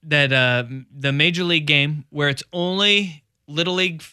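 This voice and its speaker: A man's voice: on the high side, normal speed, sharp tone, clean tone, no room sound, studio quality. A man co-hosting a casual sports talk show, enthusiastic and rambling with fillers. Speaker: co-host. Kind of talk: casual banter.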